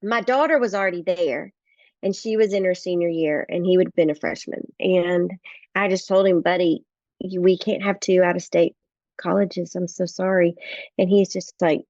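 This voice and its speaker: A woman's voice: lowish voice, fairly even intonation, moderate pace, a little mellow, no room sound, lo-fi sound. A middle-aged woman, a guest author, telling family stories in earnest in a podcast interview and acting out the dialogue.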